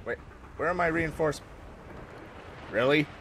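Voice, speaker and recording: An American man giving casual joking commentary over a war strategy game, talking to his soldiers and sometimes yelling at them. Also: fairly high pitch, measured pace, slight background noise. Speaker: gameplay commentator. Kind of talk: casual let's-play commentary.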